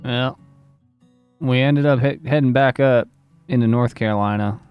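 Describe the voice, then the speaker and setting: A man from Arizona, a streamer, making relaxed offhand comments while playing a game. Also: medium pitch, moderate pace, clean tone, dull audio, faint music behind. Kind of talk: casual gameplay commentary.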